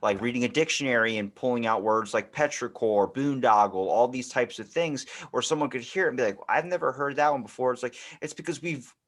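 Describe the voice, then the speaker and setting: A young man, a podcast guest, telling stories in an animated, slangy way. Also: medium pitch, brisk, hardly any pauses. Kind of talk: casual podcast chat.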